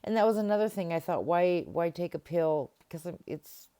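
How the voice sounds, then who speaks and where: Her voice is smooth and warm, on the low side and expressive, moving at a moderate pace. A middle-aged woman, she gives a conversational self-help talk to camera, performing remembered dialogue as she goes.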